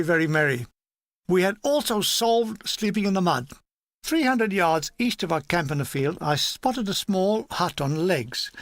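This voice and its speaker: A man narrating a comic memoir aloud in a dry, deadpan delivery. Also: high voice, dry recording. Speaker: audiobook narrator.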